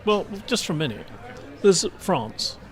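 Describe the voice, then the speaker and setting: A man's voice: fairly high pitch, big pitch swings, measured pace. A man hosting a podcast panel, playful and wordy, joking in casual chat. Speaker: podcast host. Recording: crowd noise behind.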